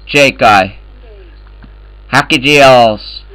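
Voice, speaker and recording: A man trolling other players in game voice chat, loud and profane, speaking in broken English. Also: mid-range voice, extremely slow, no room sound, poor audio. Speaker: gamer in voice chat.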